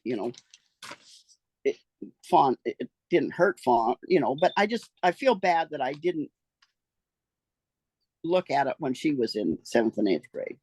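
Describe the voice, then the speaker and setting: Gravelly older woman telling her story. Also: deep voice, very animated, measured pace, long pauses, darkish tone, dry recording. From American rural West. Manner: folksy, rambling, trails off and restarts. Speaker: interviewee recounting her life. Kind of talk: casual storytelling.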